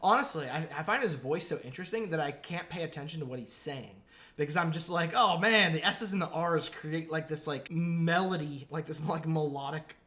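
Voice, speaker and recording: Male podcast co-host, bright and somewhat high, rambling comic chat with frequent laughs. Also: fairly quick. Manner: rambling, laughs often, mimics accents. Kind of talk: casual comedic chat.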